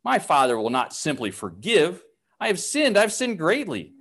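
A man's voice: fairly high pitch, huge pitch swings, moderate pace, a bit bright, pitched above the performer's own voice, exaggerated voice. A man doing an anxious guilt-driven brother. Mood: earnest. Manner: earnest, anxious.

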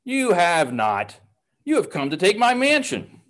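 A man voicing a stubborn, proud brother who defends his hut and shouts at a stranger, with a lively pitch. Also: a little slow, full character voice. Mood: defensive.

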